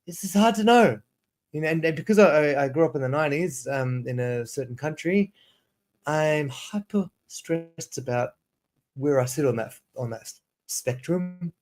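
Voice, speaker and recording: A man's voice: fairly high pitch, moderate pace, darkish tone. Male teacher, 30s, raised voice, loose rambling livestream chat. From South Africa. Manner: rambling, restarts sentences, reads prompts aloud. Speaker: ESL teacher and streamer.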